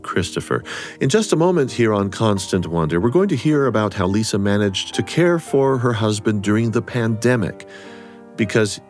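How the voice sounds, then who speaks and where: A man hosting a radio interview, speaking in a thoughtful, gentle and measured way. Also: lowish voice. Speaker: host.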